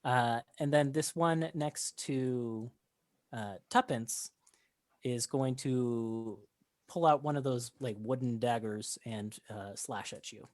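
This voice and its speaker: A woman's voice: rumbling low, slow, a little mellow, slight background noise. Giggly woman running a tabletop game. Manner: chatty, giggly, with many fillers. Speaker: game master.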